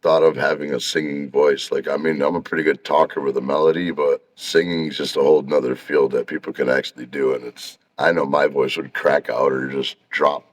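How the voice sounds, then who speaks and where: Man with a very deep, low voice. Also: flat delivery, fairly quick, hardly any pauses. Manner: laid-back, self-deprecating, chuckles often. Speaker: podcast guest. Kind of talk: casual chat. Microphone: livestream video call.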